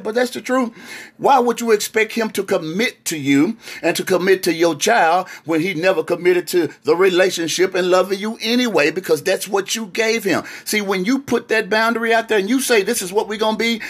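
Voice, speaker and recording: A man's voice: fairly high pitch, slightly rough. A man preaching a sermon as pastor, talking straight to the audience with teasing asides.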